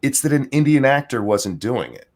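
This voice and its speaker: A man's voice: medium pitch, sing-song, moderate pace, a little mellow. A man hosting a podcast, reading viewer messages and steering the chat with jokes. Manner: joking, reads viewer messages aloud. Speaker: podcast host.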